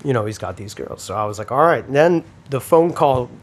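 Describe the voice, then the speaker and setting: A man's voice: medium pitch, expressive, a little fast, darkish tone. A man in his early forties telling a profane, laughing story in casual chat. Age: 40s. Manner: storytelling, swears freely, laughs often.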